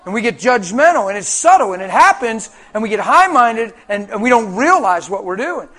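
A man with a rather high voice preaching to a congregation. His sermon is animated and colloquial, full of storytelling. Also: a little fast.

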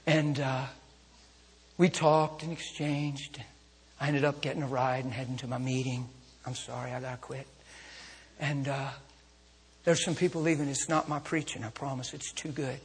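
A male preacher telling a story in a sermon to a congregation, moving between intimate hushes and fervent calls. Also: medium pitch, little pitch movement, normal speed, long pauses, slight background noise. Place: church service with a congregation. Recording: long hall reverb.

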